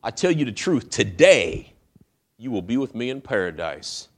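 A preacher quoting a solemn, assuring savior. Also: male voice, medium pitch, very animated, moderate pace. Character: calm, solemn male savior making a promise.

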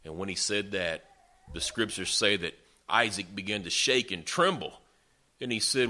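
A pastor preaching a sermon with folksy, emphatic storytelling. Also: male voice, low voice, moderate pace, sharp tone.

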